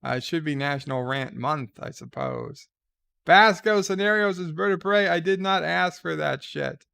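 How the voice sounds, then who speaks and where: A man's voice: a little high, normal speed, creaky, sharp tone, smooth. A man hosting a livestream, reading viewer comments aloud and rambling through wry asides. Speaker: livestream host.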